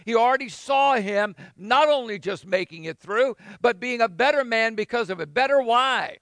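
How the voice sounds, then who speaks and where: A man's voice: very high-pitched, a bit bright, no room sound. A male pastor preaching a sermon in a conversational way, acting out the quoted lines.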